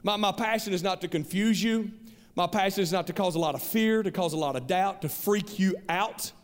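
A man's voice: high-pitched, brisk. A man preaching a sermon as pastor, earnest and conversational, often repeating himself. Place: large church hall. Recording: reverberant hall.

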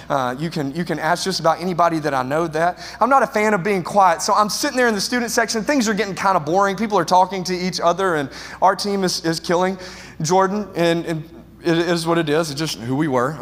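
A high-pitched pastor tells a funny story from the pulpit, energetic and self-mocking. His voice rings through a large hall with a long, trailing reverb. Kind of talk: humorous storytelling sermon.

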